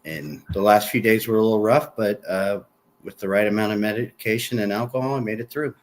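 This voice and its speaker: A man's voice: on the low side, fairly even intonation, a little fast. A man co-hosting a podcast, talking in a laid-back, wry way. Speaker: podcast co-host. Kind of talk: casual chat.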